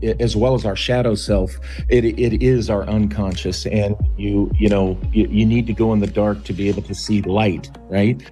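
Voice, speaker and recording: A male guest author on a talk radio show, speaking haltingly with many restarts and fillers. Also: fairly low pitch, warm tone.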